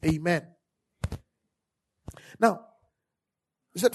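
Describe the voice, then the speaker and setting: A woman's voice: fairly low pitch, expressive, unhurried, long pauses, darkish tone, breathy edge. A woman preaching a sermon, leading call-and-response and repeating scripture lines for the congregation to echo.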